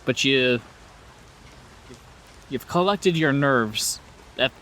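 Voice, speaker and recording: A man runs a tabletop horror game, narrating in a relaxed, halting way and often restarting his sentences. His voice sits at a middle pitch. A clear hiss of noise runs under the recording. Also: rough recording. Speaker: game master.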